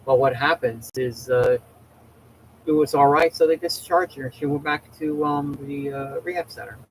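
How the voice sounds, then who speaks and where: A man's voice: mid-range voice, moderate pace, slight background noise, low-quality recording. A man hosting a casual livestream, rambling and chatty with many restarts, talking from home. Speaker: livestream host.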